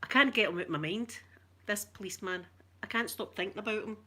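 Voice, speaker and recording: A woman's voice: medium pitch, quick pace, heavy background noise. A middle-aged Scottish woman chatting to her live-stream viewers, bawdy, flirtatious and full of stories. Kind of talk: casual live-stream chat.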